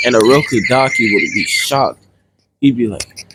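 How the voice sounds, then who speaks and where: A man's voice: mid-range voice, moderate pace. A man improvising a role-play fight story in a rambling, casual way, with swearing, in a noisy recording.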